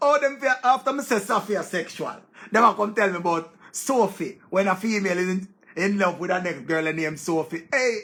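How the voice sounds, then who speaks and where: A man with a Jamaican accent giving excitable casual commentary, repeating words and breaking into exclamations. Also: sits high, moderate pace, few pauses. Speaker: online show host. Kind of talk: casual commentary in Patois-laced English.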